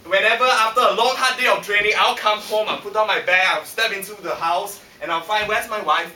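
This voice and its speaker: A man with a Singaporean English accent giving a humorous contest speech in a lively, punchy way that teases the audience, recorded in a function room by a far camera. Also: sits high, brisk, slight background noise. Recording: echoey hall from far off.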